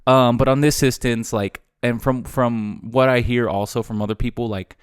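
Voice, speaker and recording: A young man hosting his own podcast, telling a personal story in a casual, animated way, full of swearing and slang. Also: medium pitch, normal speed, smooth, no echo, studio quality. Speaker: podcast host. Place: living in Austin, Texas.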